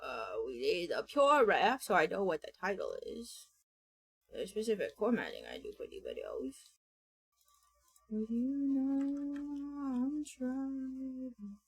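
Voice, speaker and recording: A woman's voice: mid-range voice, huge pitch swings, a little slow, vocal fry, slightly rough. A woman streamer in a casual live-stream chat, bubbly and chatty, greeting viewers by name.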